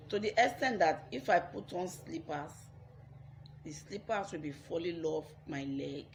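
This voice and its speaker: A woman's voice: low voice, slight background noise. A young Nigerian woman with a Nigerian accent telling her own life story on her vlog, earnest and repeating phrases for emphasis.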